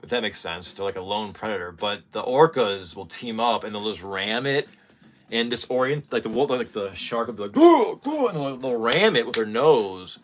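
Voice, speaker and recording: A man in his forties hosting a casual vlog. He talks in an excitable, rambling way and swears often. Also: lowish voice, normal speed, slight background noise. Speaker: channel host.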